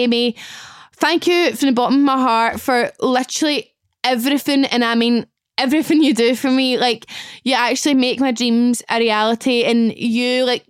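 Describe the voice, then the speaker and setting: Scottish woman in her twenties, high voice, emotional, chatty, dry close sound. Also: clean tone, dry recording. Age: 20s. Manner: gushing, emotional, laughs often. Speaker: podcast host. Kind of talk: casual chat.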